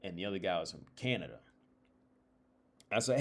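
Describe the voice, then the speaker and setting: A man with a lowish voice tells a story on a casual livestream. He rambles, restarts his sentences and leans on filler words as he talks. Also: animated, fairly quick, vocal fry, long pauses, fairly bright tone. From United States. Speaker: streamer and therapist.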